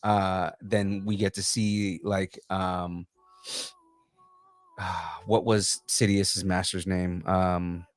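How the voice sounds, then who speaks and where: A man's voice: sits low, little pitch movement, drawn-out words. A man co-hosting a casual pop culture podcast, talking enthusiastically and rambling with lots of fillers. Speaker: podcast co-host.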